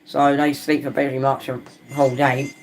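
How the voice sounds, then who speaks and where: Excitable lad streaming football. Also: male voice, medium pitch, normal speed, slight background noise. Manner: excitable, swings between chatty musing and loud outbursts at near misses; casual slangy talk, calls players and viewers lad and mate. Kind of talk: live match reaction and chat with viewers.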